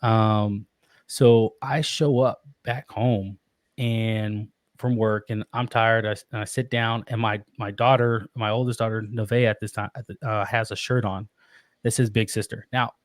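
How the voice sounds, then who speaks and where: A man in his thirties telling a personal story in casual conversation, animated and laughing often. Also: lowish voice, a little slow, no room sound, studio quality. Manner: animated, laughs often, acts out quoted voices. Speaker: podcast guest.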